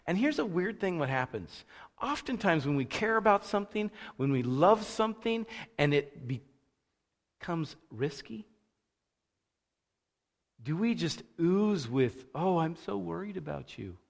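A man preaching a conversational sermon, casual and animated, acting out the thoughts he quotes. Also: high-pitched, measured pace, long pauses. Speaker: pastor. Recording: long reverb of a large hall.

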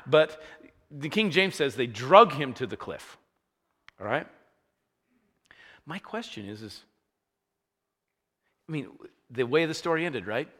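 A man delivers a sermon in a bright, forward voice. His pitch moves a lot as he retells the scene with growing energy. A long hall reverb trails every line. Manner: animated storytelling, acting out scenes with rising energy. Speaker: pastor.

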